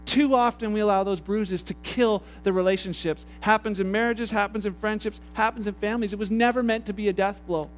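A man's voice: high-pitched, fairly even intonation, fairly quick, few pauses, faint music behind. A middle-aged man from Canada preaching a conversational sermon as a pastor, repeating phrases and acting out little dialogues. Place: church hall.

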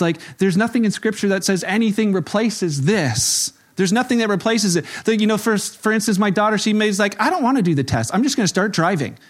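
High-voiced man preaching a casual sermon. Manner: conversational storytelling, acts out quoted people. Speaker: pastor.

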